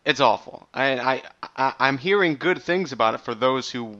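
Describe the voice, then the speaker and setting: A man co-hosting a casual chat, earnest and slightly halting. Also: medium pitch, expressive, sharp tone, dull audio. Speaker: podcast co-host.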